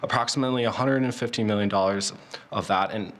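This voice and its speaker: A man's voice: on the low side, quick pace, fairly bright tone. A polite young man, a student, reading a personal statement during public comment at a school board meeting. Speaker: student speaker.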